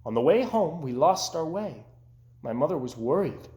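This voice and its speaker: A man voicing a cheerful, optimistic male frog with a high, eager voice. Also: sing-song, moderate pace, a little mellow. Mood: spooky storytelling. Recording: roomy echoing room.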